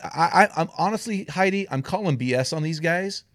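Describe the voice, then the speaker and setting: A man's voice: on the high side, lively intonation, fairly quick, fairly bright tone, no echo. A man hosting a podcast interview, earnest and blunt, often repeating his questions for emphasis. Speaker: podcast host. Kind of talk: conversational interview.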